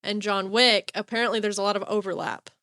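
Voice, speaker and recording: A young woman, co-hosting a podcast in casual chat, giggly and animated as she tells stories. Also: mid-range voice, fast, dry recording, studio quality. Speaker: podcast co-host.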